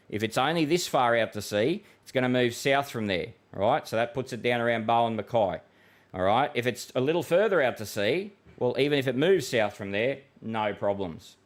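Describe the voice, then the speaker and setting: An Australian man in a relaxed livestream chat, talking in a mid-pitched voice. He goes through forecasts and viewer questions in a friendly, matey tone, full of fillers and restarts. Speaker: weather forecaster and livestream host. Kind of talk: casual livestream chat reading viewer comments.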